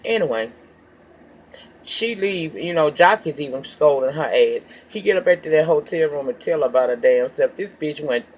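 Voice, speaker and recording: A woman's voice: low-pitched, normal speed, a little hiss or hum. A woman recapping a reality show episode in a casual, gossipy way, swearing freely and calling her listeners child and baby. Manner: profane, animated storytelling, calls listeners child and baby.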